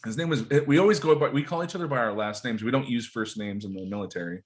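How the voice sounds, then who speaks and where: A man guesting on a podcast, telling stories in casual, profane, animated chat. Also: mid-range voice, quick pace.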